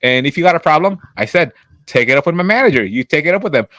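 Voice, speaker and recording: A man co-hosting a podcast, telling a workplace story in casual chat, acting out quotes and cursing freely, with a voice he calls always loud. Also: fast, no room sound. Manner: animated, acts out quotes with big pitch jumps and profanity; says his voice is always loud. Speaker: podcast co-host.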